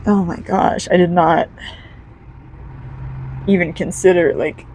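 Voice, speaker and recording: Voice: medium pitch, steady tone, slow, a little mellow, a little hiss or hum, low-quality recording. A card reader giving a casual, heartfelt pick-a-card energy reading, talking straight to the viewer.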